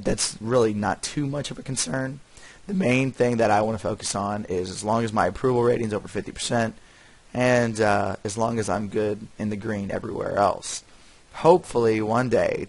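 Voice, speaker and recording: A man giving casual, rambling commentary while playing a strategy game, correcting himself often and dropping wry asides with soft chuckles. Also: on the low side, dry recording. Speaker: gaming channel host.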